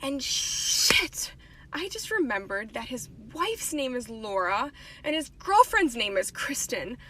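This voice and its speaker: A woman's voice: a little high, sing-song, slow pace, bright, forceful tone, a little hiss or hum. A woman who works retail telling a story time with dry, understated delivery. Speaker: jewelry store worker.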